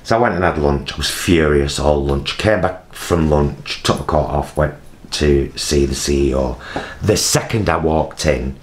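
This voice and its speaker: A man, telling a personal story in a vlog, halting with many fillers and acting out other people's voices. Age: 50s. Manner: acts out voices of people in his story with big jumps in pitch. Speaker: vlogger.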